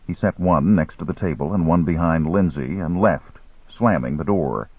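A man narrating a novel in a measured, dramatic storytelling manner. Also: low-pitched, breathy edge, no room sound. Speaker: audiobook narrator. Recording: tinny phone-like line, dry.

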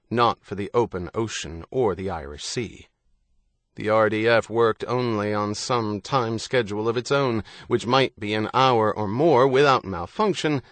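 Man, audiobook narrator, measured, deep-ish voice, dry sound. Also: a bit bright, no echo. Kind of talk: scripted narration.

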